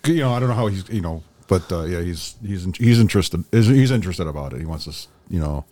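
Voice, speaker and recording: Deep voiced guy, casual chat, rambles through stories and does the other guys' lines in a high voice. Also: animated, fast talker, mellow. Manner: rambling storyteller, acts out quotes in a high voice. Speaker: podcast co-host.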